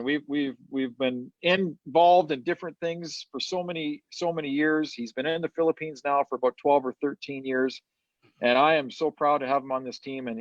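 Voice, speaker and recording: A man's voice: mid-range voice, no echo, highs cut off. A man on a livestream introducing his brother, stammering and repeating words. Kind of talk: casual livestream chat. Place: car dealership.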